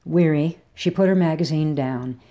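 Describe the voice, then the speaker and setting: A woman narrating a short story in a measured, somber way. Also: deep voice, dark tone. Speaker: reader. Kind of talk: audiobook narration.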